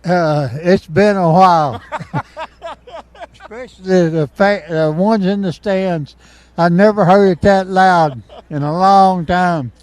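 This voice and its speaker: Slow-spoken older man, high voice. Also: expressive. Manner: brief, plain, unhurried answers. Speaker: longtime sideline volunteer.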